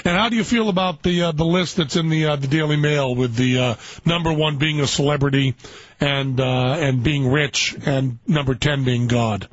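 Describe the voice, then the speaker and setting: A man's voice: on the high side, fairly even intonation, moderate pace, no echo, highs cut off. A man hosting a call-in radio show, chatting in a rambling, anecdotal, jokey way.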